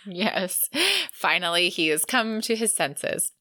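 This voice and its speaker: A woman co-hosting a book podcast, chatting with enthusiastic, gushing warmth about the writing. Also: lowish voice, slow pace, no room sound, studio quality. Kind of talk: casual chat.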